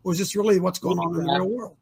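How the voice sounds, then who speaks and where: A man's voice: sits high, steady tone, very fast, gravelly. An older man hosting an opinionated talk show, emphatic and firing rhetorical questions at his listeners.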